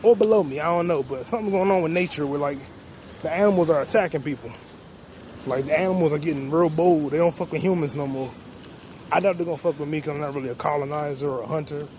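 A man's voice: on the high side, quick pace, a little mellow. A young man hosting a casual vlog outdoors on a city street, rambling and swearing as he jokes to himself. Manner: rambling, profane, joking to himself. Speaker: podcast host. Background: street traffic noise.

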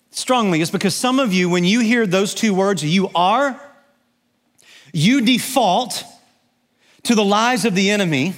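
A man's voice: sits high, fairly bright tone. A male pastor preaching an emphatic sermon, asking his congregation questions and shifting his pace to stress his points.

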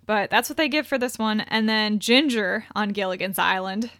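A woman's voice: medium pitch, normal speed, a bit bright, dry recording, clean studio sound. A woman co-hosting a casual podcast chat, reading out descriptions with wry asides and frequent laughs. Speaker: podcast co-host.

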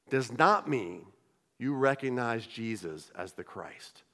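A man's voice: mid-range voice, very animated, moderate pace. A man preaching a conversational sermon as pastor of his church, often repeating and restarting phrases. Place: church sanctuary. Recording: long hall reverb.

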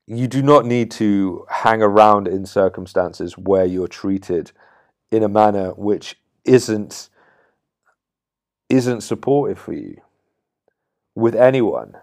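A man giving firm, blunt coaching advice to camera, swearing freely and now and then demonstrating a low, clipped, intense tone. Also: darkish tone. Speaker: confidence coach. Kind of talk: direct-to-camera advice talk.

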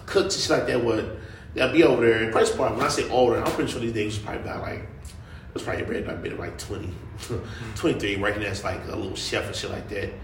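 A young man hosting a casual chat, telling stories with a laugh and slangy talk, jumping into high-pitched quoted voices. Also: fast, roomy sound, a little hiss or hum. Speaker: podcast host.

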